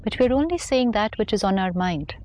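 A woman's voice: mid-range voice, expressive, a little fast, dark tone. A woman speaking as a spiritual teacher on a talk show, explaining her ideas patiently and reflectively.

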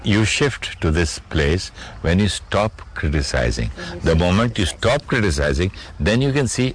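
Very deep-voiced man chatting. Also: very animated, a little slow, hardly any pauses, slight background noise. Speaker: interviewer. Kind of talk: casual chat.

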